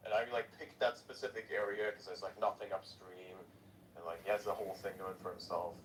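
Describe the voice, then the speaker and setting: A man's voice: sits low, flat delivery, fairly quick. A man talking casually in a group voice chat, rambling with fillers and restarts. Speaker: podcast participant. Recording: distant mic with faint noise.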